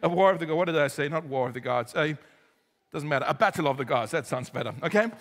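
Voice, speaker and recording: Bright high-voiced pastor preaching in a hall. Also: male voice, quick pace. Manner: lively, jokey, talks straight to the congregation. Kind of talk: sermon. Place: church hall.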